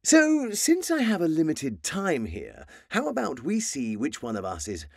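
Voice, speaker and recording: A man's voice: a little high, huge pitch swings, unhurried, creaky, no room sound, clean studio sound, voice pushed up, heavily acted. A man voicing a chatty, proud middle-aged father of three in a comic improvised chat, genial and a little pompous.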